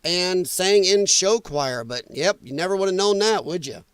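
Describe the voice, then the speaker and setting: A man hosting a casual reaction livestream, his voice strained and damaged from breathing trouble, blunt and opinionated and quick to swear. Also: high voice, animated, clear, resonant tone, no room sound. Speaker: livestream host.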